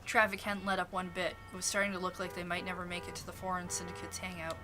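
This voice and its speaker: A woman streamer reading a visual novel aloud, steady narration with asides. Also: fairly low pitch, quick pace. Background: game music.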